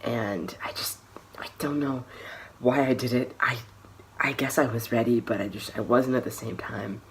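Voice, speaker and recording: A young man talks straight to the camera, telling a personal story in a candid, unscripted way. His voice sits in a middle range, and he often stops, restarts and lets phrases fade out softly. A faint hum of room ambience sits underneath. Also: mid-range voice, fairly even intonation, moderate pace. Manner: candid, hesitant, many restarts and trailing-off soft phrases. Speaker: vlogger.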